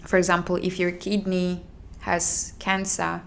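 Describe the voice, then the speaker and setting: Slow, gravelly-voiced young woman telling a story. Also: fairly low pitch, monotone. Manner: halting, emotional recounting with restarts and soft sighs. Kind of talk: personal storytelling.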